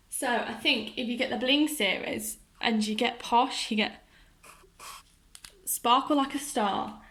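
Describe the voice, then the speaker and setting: A woman narrates a toy unboxing, gushing over every detail and chatting straight to her viewers. Her voice is bright and lifted, sitting a little high. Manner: gushing and enthusiastic, talks to viewers.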